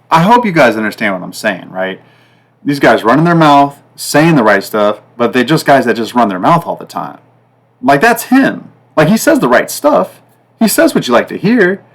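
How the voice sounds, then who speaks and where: A man hosting a sports betting podcast in a loose, rambling way, full of fillers and repeats, with sudden jumps up and down in pitch and loudness. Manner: rambling, repetitive, fillers like "like" and "guys"; pitch and loudness swing up and down from line to line. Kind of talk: casual betting talk.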